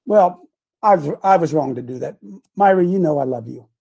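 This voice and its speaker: A middle-aged man hosting a casual morning show, rambling and repeating himself, with sudden loud outbursts. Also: on the high side, animated, normal speed, gravelly, husky. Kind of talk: casual live-stream talk.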